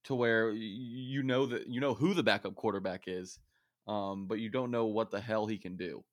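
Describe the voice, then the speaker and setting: A man's voice: fairly low pitch, steady tone, moderate pace, no echo, studio quality. A man co-hosting a casual sports podcast, laying out stats and analysis with frequent restarts. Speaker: podcast co-host.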